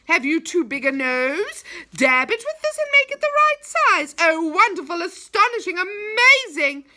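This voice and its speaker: A woman voicing a loud male goblin hawker who bellows his sales patter in a storybook. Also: extremely high pitch, sing-song, normal speed, pitched above the performer's own voice, heavily acted. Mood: boastful.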